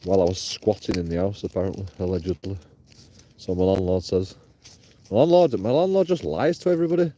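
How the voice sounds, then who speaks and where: A man's voice: low-pitched, fast, mellow. A man livestreaming while walking outdoors at night, rambling, swearing freely and laughing often. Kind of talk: rambling casual livestream chat.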